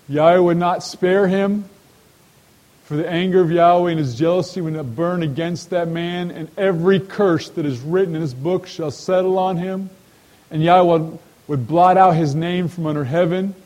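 A man's voice: fairly high pitch, fairly even intonation, normal speed, a little mellow, low-quality recording. Man teaching a Bible study. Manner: asks rhetorical questions and addresses listeners directly. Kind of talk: sermon-style Bible study.

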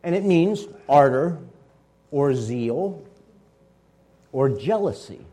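A man reading scripture slowly and deliberately, then explaining the meaning of the words as a Bible teacher. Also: fairly high pitch, expressive, warm tone. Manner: explains word meanings and pronunciations.

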